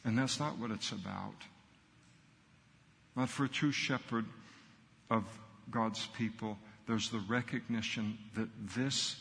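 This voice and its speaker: A man's voice: lowish voice, fairly even intonation, slow, vocal fry, pauses often, fairly bright tone, in a large hall. A middle-aged man, a pastor, preaching a sermon earnestly and emphatically in short punchy phrases.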